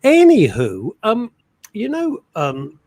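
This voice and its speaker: A middle-aged man co-hosting a radio show, chatting and teasing his partner in a joking, animated way. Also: sits high, takes it slowly. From England. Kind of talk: casual chat radio show.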